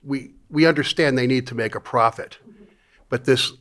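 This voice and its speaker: A man speaking at public comment in a county meeting, plain-spoken and a little halting as he appeals to the board. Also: medium pitch, a bit bright. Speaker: public commenter, mobile home resident.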